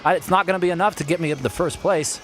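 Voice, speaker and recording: A man streaming a kart racing game live, commenting playfully and excitably while chatting with his viewers. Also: a little high, very fast, faint music behind.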